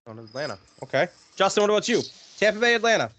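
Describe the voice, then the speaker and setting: Male podcast co-host with a lively, swinging voice and a casual, cussing delivery. Faint hiss on the track. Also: sits high, racing. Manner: animated, swears casually, runs through games. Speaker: podcast co-host running the picks. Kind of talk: casual sports podcast chat.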